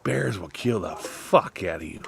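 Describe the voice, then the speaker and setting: A man in a rambling, profane monologue whose voice swings between loud outbursts and low mutters. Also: expressive, moderate pace, creaky.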